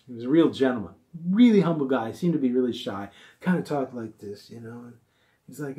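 Speaking fairly quickly with a warm tone, a middle-aged man recounts his band's early days in a loose, wandering gig story. His voice sits at a middle pitch, and he slips in affectionate asides and quotes from others.

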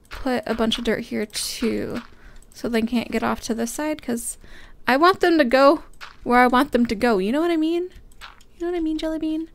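A woman's voice: fairly high pitch, gravelly. Bubbly young woman narrating gameplay. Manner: bubbly, talks to the game characters, sudden excited squeals. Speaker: gaming host. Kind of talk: casual let's-play commentary.

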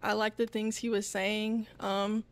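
A woman's voice: medium pitch, level tone, unhurried. A woman panelist on a dating show, speaking hesitantly with many fillers. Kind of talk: casual conversation.

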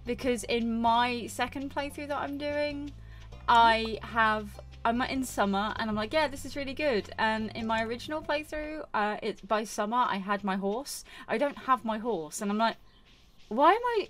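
A gaming YouTuber, a woman with a fairly high, fairly bright voice, chats casually while playing a farming game for her channel. She rambles and scolds herself, using lots of fillers throughout her gameplay commentary.

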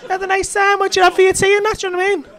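A man's voice: very high-pitched, monotone, racing. A man doing stand-up crowd work, teasing and swearing with laughing banter. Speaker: stand-up comedian. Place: comedy club stage. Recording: live club with loud crowd. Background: audience laughter.

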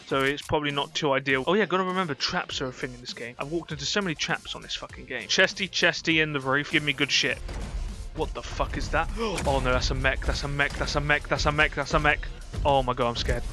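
Bright, excitable gamer guy. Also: fairly high pitch, fast, soft background music. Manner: excitable, sweary, easily startled. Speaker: gaming YouTuber. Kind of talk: gameplay commentary.

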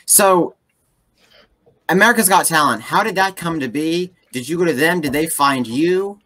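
Bright, eager male interview host. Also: on the high side, animated, moderate pace. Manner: eager, enthusiastic questions. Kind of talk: casual interview.

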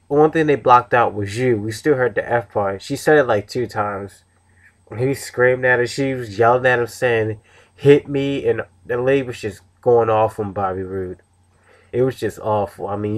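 Male reviewer, mid-pitched, loose and rambling, casual recap. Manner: rambling, many restarts and fillers. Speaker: wrestling show reviewer.

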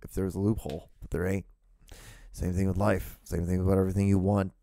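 A man's voice: deep voice, flat delivery, a little fast, gravelly, warm tone, no echo, clean studio sound. A man hosting his own solo podcast, rambling through blunt, profane rants, with his voice starting to go. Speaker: podcast host.

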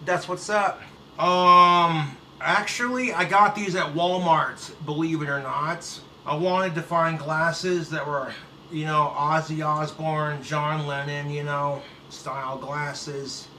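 A man's voice: fairly high pitch, flat delivery, slow, sharp tone. A man giving a blunt, profane, sarcastic reaction rant to his YouTube viewers. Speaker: YouTube commentator. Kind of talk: ranting reaction commentary. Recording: roomy echo, set back from the mic, faint hiss.

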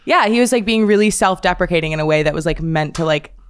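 A woman's voice: fairly low pitch, quick pace, clear, resonant tone, no room sound, studio quality. A woman in casual podcast chat who talks thoughtfully and keeps qualifying her points.

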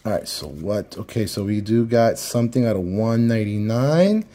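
A man from Miami opening trading card packs on camera, talking casually to his viewers and repeating his words when excited. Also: fairly low pitch, normal speed. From Miami, Florida. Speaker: card collector. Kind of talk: casual pack-opening commentary.

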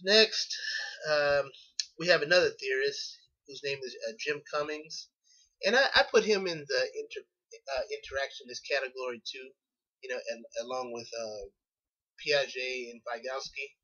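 A man talks through a class presentation, hesitating often and restarting his sentences. His voice is bright and forward. The recording sounds dull and lo-fi. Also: mid-range voice, normal speed. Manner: hesitant, many fillers and restarts. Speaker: graduate student presenting.

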